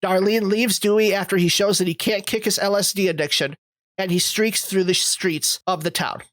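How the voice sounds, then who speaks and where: A podcast co-host reading a film's plot summary in a steady, measured way. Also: mid-range voice, no echo, poor audio. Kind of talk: reading a plot summary, then casual discussion.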